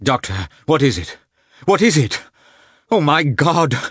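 A man's voice: on the high side, sing-song, measured pace, fairly bright tone, slightly rough, no echo, studio quality, voice pushed up, heavily acted. A man voicing a distraught young husband in an audiobook, crying out in frantic pleas. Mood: panicked.

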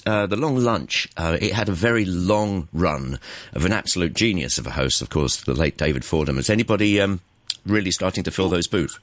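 A man's voice: low voice, fairly quick, no room sound. A man hosting a morning radio show, jovial and laughing often as he chats with a guest. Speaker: radio host.

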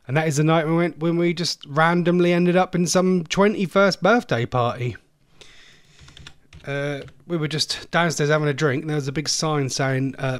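A chatty English man presenting a homemade radio phone-in on his own. His pitch sits a touch high and moves all over the place. The sound is close and completely dry. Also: no echo. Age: adult, a former smoker. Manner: chatty, rambling, self-interrupting. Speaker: host of an online radio phone-in. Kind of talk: casual solo radio chat.

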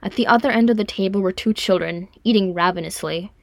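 A woman narrating a fan fiction audiobook in a calm, measured way. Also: medium pitch, gravelly, dry recording, clean studio sound. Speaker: audiobook reader.

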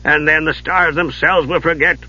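A man voicing a worried old male dwarf with a deep, grim voice, giving dread-filled warnings. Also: steady tone, moderate pace, pushed and bright, husky, full character voice. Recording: dull lo-fi audio.

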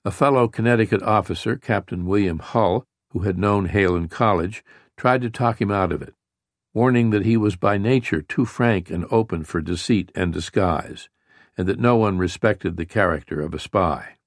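This is an audiobook narrator, a man with a lowish voice, working through a scripted history book at a measured, even storytelling pace. The recording is dry and of studio quality.

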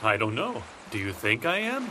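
An actor playing a gentle, amused fisherman father in a cartoon, talking slowly and patiently. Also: mid-range voice, huge pitch swings, a little hiss or hum, full character voice.

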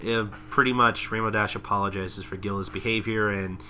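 A man's voice: lowish voice, fairly even intonation, fairly quick, sharp tone, faint music behind. A young man co-hosting a podcast, casually recapping a cartoon episode, often stopping to correct details with dry remarks. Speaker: podcast co-host.

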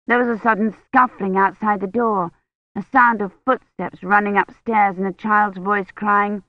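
A woman narrates a novel in a measured, even way, keeping her storytelling steady and clear. Her voice sits in a middle register. The recording is muffled and lo-fi and has a dry, close sound with no room around it. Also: mid-range voice, dry recording. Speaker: audiobook narrator. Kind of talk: scripted narration. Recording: dull, lo-fi, dry.

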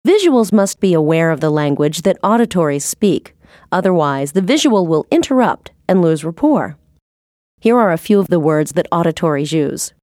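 A woman reading a scripted sales training narration in a measured, instructive way. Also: fairly low pitch, lively intonation, a little mellow, no room sound, studio quality.

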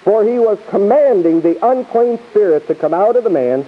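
A man's voice: high voice, animated, moderate pace, breathy edge. A man teaching verse by verse from the Bible in a sermon, emphatic and repetitive, with chuckling asides, on a tinny lo-fi tape.

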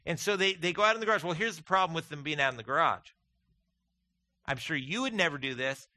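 A pastor delivers a sermon in a bright, ringing voice that sits a little above the usual male pitch. He talks to the congregation like old friends, slipping into folksy stories and jokes. The sound is dry and close. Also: quick pace, no echo. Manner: folksy, animated storytelling with humor.

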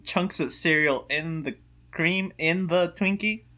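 A man's voice: a little high, takes it slowly, bright, forceful tone. A man co-hosting a comedy podcast who laughs easily and steers the bit along. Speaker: podcast co-host.

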